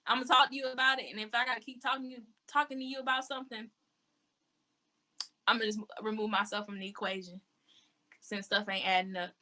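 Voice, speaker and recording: A woman's voice: on the high side, flat delivery, fast, pauses often, sharp tone. A woman being interviewed, talking casually and bluntly, saying things straight out. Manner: blunt and outspoken. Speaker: interview guest.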